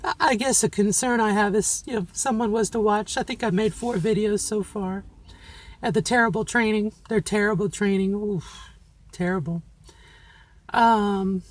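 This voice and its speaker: She speaks unhurriedly at a medium pitch, and the recording is dry. This middle-aged vlogger offers a candid, reflective monologue straight to the camera, cheering herself on, in a feminine voice she trained and places deliberately.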